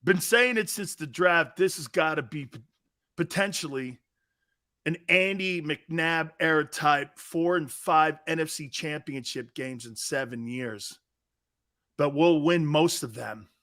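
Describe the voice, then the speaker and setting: A middle-aged man hosts a sports talk show in a high, bright, forceful voice. He jokes loudly and often raises his voice. He hops from one topic to the next as he reads out viewer comments. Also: unhurried. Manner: loud, joking, jumps between topics, often raises his voice. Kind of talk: live sports talk stream, reading chat.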